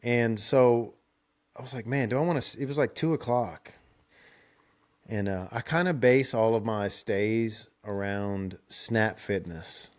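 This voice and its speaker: Young dude rambling through a road trip story, easygoing, chuckles a lot. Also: male voice, lowish voice, a little slow. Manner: rambling, laid-back, laughs often, restarts. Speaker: podcast host. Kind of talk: casual storytelling chat.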